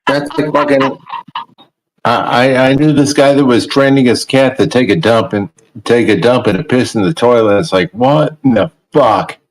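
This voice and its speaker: A man chatting on a video call, excitable and stammering, swearing a lot. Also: mid-range voice, normal speed, low-quality recording. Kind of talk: casual chat.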